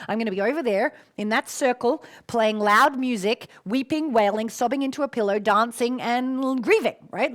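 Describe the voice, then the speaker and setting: A middle-aged Australian woman hosting a live-streamed coaching talk, expressive and affectionate with her listeners. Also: medium pitch. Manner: warm, expressive, calls listeners "my darling".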